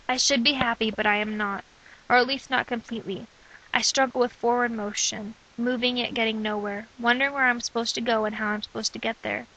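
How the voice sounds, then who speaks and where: A young woman reading aloud from her own diary in an earnest, steady way. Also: on the high side, a little fast, low-quality recording. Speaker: narrator of own testimony.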